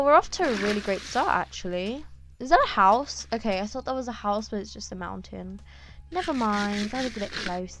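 A woman talking through her gameplay in a loose, chatty way, full of ums and sudden excited exclamations. Her voice sits a little high, and faint music plays underneath. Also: moderate pace. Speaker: gaming YouTuber. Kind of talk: casual gameplay commentary.

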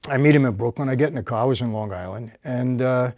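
A man tells a gripping story from his own life in easy conversation. His voice sits at a middle pitch and often sinks low and quiet as the tension builds. The recording is close and dry, in a studio setting. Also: fast, no room sound. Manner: vivid storytelling, drops to a low quiet voice for tense moments. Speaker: host telling a personal story.

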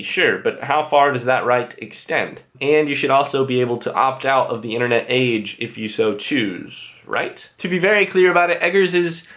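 A young man reviewing a novel to camera in a casual vlog, playful and quick with self-joking asides. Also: medium pitch, fairly bright tone. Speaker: book reviewer.

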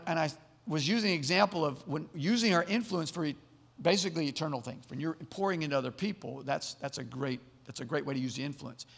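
A man's voice: on the high side, vocal fry, a bit bright, big-room sound. A man preaching a sermon as pastor, earnest, often repeating words as he builds to emphatic points. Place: church sanctuary.

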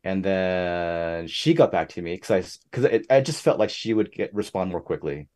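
A young man speaks as a guest on a casual podcast, telling his story with plenty of energy. His voice sits fairly low and has a warm, mellow tone. He keeps jumping up high in pitch when he acts out what other people said. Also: expressive, moderate pace. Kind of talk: casual interview chat.

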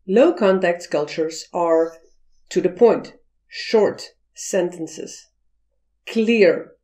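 A woman's voice: on the low side, mellow. A woman explaining cultural communication in a video lesson, acting out example phrases as she goes. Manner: slow, deliberate explaining, acting out quoted voices. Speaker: cross-cultural communication teacher.

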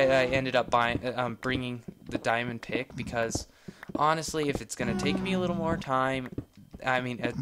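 A man chats through his game session in casual let's-play style, jumping between rambling asides and excited exclamations. His voice sits at an ordinary middle pitch. A clear hiss of background noise runs under the home mic recording. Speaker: gameplay video host.

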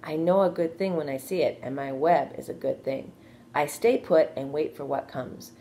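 A woman voicing a wise, steady female spider in a read-aloud storybook, gentle but firm. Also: low-pitched, moderate pace, slight background noise. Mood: calm. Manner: gentle, firm, matter-of-fact.

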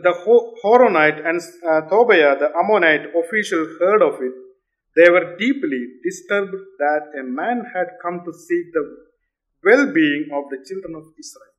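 A man preaching a sermon in a church, halting with frequent fillers and restarts. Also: sits high, a bit bright. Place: church hall.

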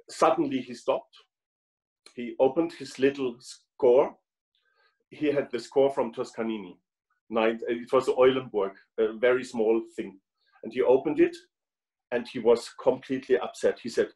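A man's voice: medium pitch, a little mellow, poor audio. A German man, a trumpet player speaking English as a second language, chatting on a video call and often repeating words as he searches for them. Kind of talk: casual video call chat.

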